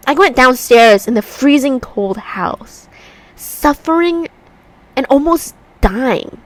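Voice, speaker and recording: Lively chatty woman with a stuffy nose. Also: high voice, takes it slowly. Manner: chatty, rambling storyteller. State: congested. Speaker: vlogger. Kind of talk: casual chat while doing a puzzle. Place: room at home by a heater.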